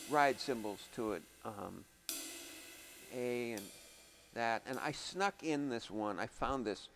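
A man's voice: mid-range voice, fairly bright tone, low-quality recording. A man teaching music production in a casual, thinking-aloud way, humming out drum rhythms as he goes. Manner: thinks aloud, chatty, vocalizes drum patterns.

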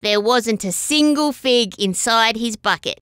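A woman reading a children's story aloud as a storyteller, expressive and sing-song. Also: a little high, measured pace, a little hiss or hum.

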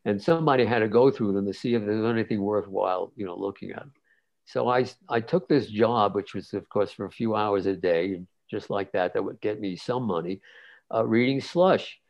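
A man in his nineties, a guest cartoonist, telling stories in a relaxed interview, rambling with many fillers and restarts. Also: on the low side, normal speed, vocal fry. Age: 90s. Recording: dull lo-fi sound.

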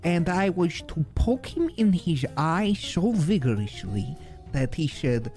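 A man's voice: on the high side, sing-song, slow, darkish tone, soft background music. A man improvising a bumbling psychologist in a role-play, stammering and mangling his words, and turning snide and scornful. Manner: snide and scornful about the client.

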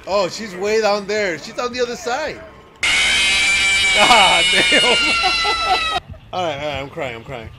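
A man streaming a horror game, reacting with loud exclamations and frequent laughter. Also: on the high side, poor audio. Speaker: livestreamer. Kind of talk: excited gameplay commentary.

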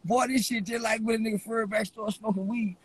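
A man rambling to the camera while high, giggling through his words, teary-eyed from laughing, with a loose, slangy way of talking. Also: fairly even intonation, fast, breathy edge, poor audio. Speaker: vlogger. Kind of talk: rambling stoned chat to camera.

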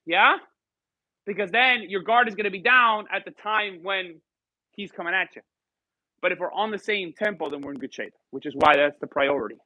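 A man's voice: sits high, moderate pace, no room sound, dull audio. A man teaching a live salsa class, counting beats and calling cues in Spanish and English to the dancers. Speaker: salsa instructor.

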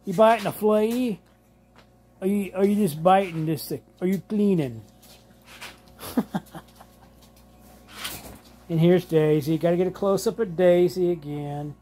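Man filming at home on a handheld camera, unhurried, fond baby talk to his dogs. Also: sits high, warm tone. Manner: slow, drawling, doting, laughs often. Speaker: vlogger showing his dogs. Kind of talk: casual home vlog, talking to pets. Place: home living room.

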